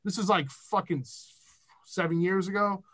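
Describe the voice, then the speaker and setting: A man's voice: high voice, normal speed. A young man from Massachusetts, a music producer guest, talking casually and profanely in a podcast chat. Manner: animated, profane, rambling.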